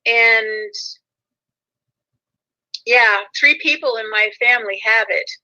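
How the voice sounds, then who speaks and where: A woman's voice: on the high side, takes it slowly, low-quality recording. A woman guest in a casual chat, earnest and giggly as she talks. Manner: warm-hearted, giggly, earnest.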